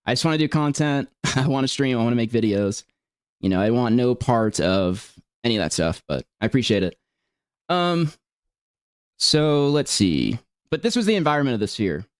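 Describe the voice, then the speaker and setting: A man's voice: mid-range voice, big pitch swings, moderate pace, no room sound. Earnest man, dry close mic. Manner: earnest, rambling, restarts sentences. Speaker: streamer responding to allegations. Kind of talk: casual explanatory talk.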